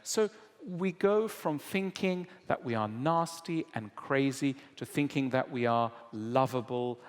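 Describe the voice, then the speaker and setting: A man's voice: medium pitch, measured pace. A man speaking, answering an audience question at a public lecture and acting out little dialogues as he explains. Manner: animated storyteller acting out quoted dialogue. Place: lecture hall. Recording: long hall reverb.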